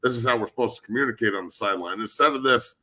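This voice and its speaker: A former football player hosts a sports podcast in casual, profane chatter. His voice is bright and forward, and his opinions come out blunt and animated. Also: medium pitch, rapid-fire. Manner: blunt, animated, heavy swearing.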